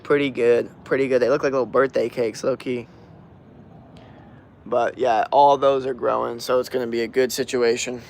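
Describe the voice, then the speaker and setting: A man's voice: mid-range voice, little pitch movement, moderate pace, vocal fry, darkish tone, slight background noise. Laid-back young man from Florida. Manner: laid-back, slangy, lots of filler. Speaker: livestream host answering chat questions. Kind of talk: casual livestream chat. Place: outdoors at night.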